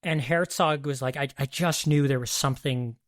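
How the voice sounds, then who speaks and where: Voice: medium pitch, moderate pace. A podcast host retelling a story in casual conversation, hesitant, with many restarts.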